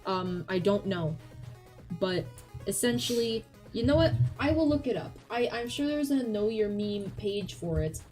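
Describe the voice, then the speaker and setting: Woman, casual blunt chatter, curses a lot, warm dark tone, soft music underneath. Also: medium pitch, expressive, a little slow. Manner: blunt, profane, rambling with restarts. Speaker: vtuber co-host. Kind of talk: casual chat. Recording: faint background music.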